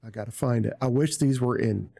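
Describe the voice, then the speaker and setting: A man's voice: mid-range voice, fairly quick, gravelly, noisy background. A man live streaming, chatting casually in a rambling, profane, self-mocking way at a desk microphone. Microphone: desk microphone on arm.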